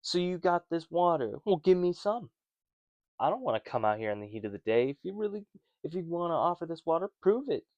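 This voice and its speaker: A man's voice: on the high side, sing-song, a little fast, darkish tone, no echo, highs cut off, pitched above the performer's own voice. A man doing a sassy skeptical woman. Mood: snarky. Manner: sassy, challenging. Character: snarky skeptical woman at a well.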